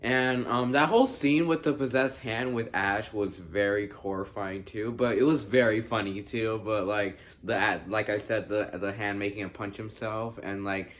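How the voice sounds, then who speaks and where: A young man talks through a movie review in a loose, unscripted way. His voice sits a little low, and he keeps circling back with fillers, restarts and casual swearing. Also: normal speed, hardly any pauses. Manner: rambling, many fillers and restarts, swears freely. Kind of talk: casual spoken film review.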